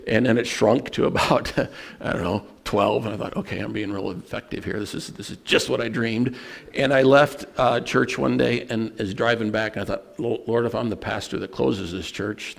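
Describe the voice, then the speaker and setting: A man preaching a sermon as pastor, telling personal stories in an earnest way and slowing down to stress scripture. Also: medium pitch, creaky. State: emotional at moments.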